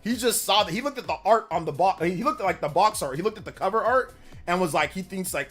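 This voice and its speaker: A man's voice: high voice, animated, quick pace, fairly bright tone, faint music behind. A man in his thirties chatting casually with his live-stream audience, rambling and slangy, repeating himself. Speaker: streamer reading chat.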